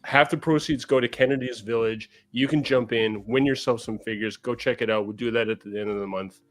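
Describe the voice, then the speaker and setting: A man from Canada co-hosting a casual collector podcast, talking quickly with lots of fillers and restarts. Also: mid-range voice, steady tone, fairly bright tone. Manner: quick, rambling, many fillers. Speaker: podcast co-host. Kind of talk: casual chat.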